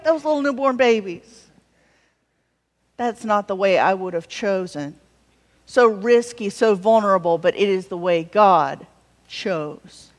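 A woman pastor preaching a sermon in a conversational way, with wry humorous asides. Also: sits high. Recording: long reverb of a large hall.

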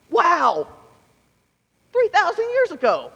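A man with a strikingly high voice preaches slowly and deliberately, weaving jokey asides into his reading of scripture. His words ring out with the long reverb of a big church sanctuary. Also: lively intonation, fairly bright tone, highs cut off. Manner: conversational, with playful asides and scripture read aloud. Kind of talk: sermon. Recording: long reverb of a large hall.

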